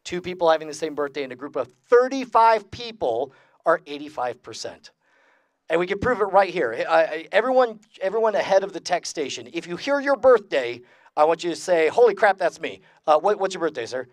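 A man's voice: fairly high pitch, big pitch swings, a little fast, dry recording. A man giving a comedic skeptic lecture to a live convention audience of a couple hundred people. He talks with energy, polls the crowd, and laughs at his own jokes. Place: large convention room with about two hundred people.

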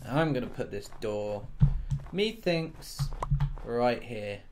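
Rambling, joking man with a lively voice. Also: mid-range voice, takes it slowly, background noise. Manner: joking, rambling, talks to himself, makes silly sound effects. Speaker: let's play gamer. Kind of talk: casual gameplay commentary.

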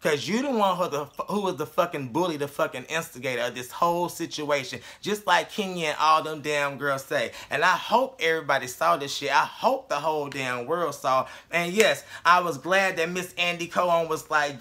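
A man's voice: a little high, moderate pace, hardly any pauses, bright, forceful tone. A man recapping a reality show in a blunt, casual, profane way, with many fillers. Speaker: reality TV reviewer.

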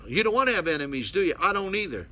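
A man's voice: sits high, big pitch swings, rapid-fire, pushed and bright, a little hiss or hum. An older man, a pastor, preaching bluntly to a small mission congregation and calling out to his listeners. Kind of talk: folksy preaching Bible study.

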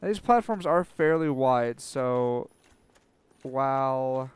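A young man commentating his own gameplay, sarcastic and self-mocking, swearing freely and panicking out loud when things go wrong. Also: medium pitch, expressive, slow, clear, resonant tone, no room sound. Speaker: let's play commentator.

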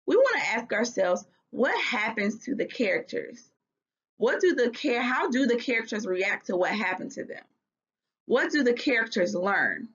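A woman's voice: on the high side, fairly bright tone, slightly rough. Patient woman teaching a reading lesson. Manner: patient, instructional, asks guiding questions. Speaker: third grade teacher. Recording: dull lo-fi recording.

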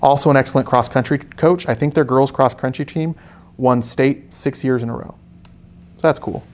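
A man's voice: medium pitch, moderate pace. Easygoing man chatting while painting. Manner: relaxed, joking, chatty asides. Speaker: art instructor hosting a live painting stream. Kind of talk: casual live tutorial chat.

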